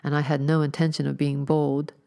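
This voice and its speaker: A woman reading the lines of a polite, gentle, mysterious male stranger in a storybook, speaking softly and courteously. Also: fairly high pitch, completely flat delivery, a little fast, clean tone, natural voice. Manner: soft and courteous.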